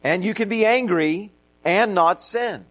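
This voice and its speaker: A middle-aged man preaches from the pulpit in an earnest tone, circling back to repeat and stress his key phrases. His speaking voice sits somewhat high for a man. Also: a little slow, low-quality recording. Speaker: pastor. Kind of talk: sermon.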